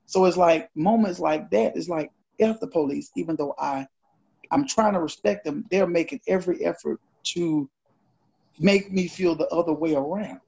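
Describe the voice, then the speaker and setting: A man's voice: a little high, moderate pace, gravelly, husky. A man co-hosting a podcast, telling a personal story casually and acting out the dialogue. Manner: animated, acts out dialogue. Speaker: podcast co-host. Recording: dull lo-fi podcast audio.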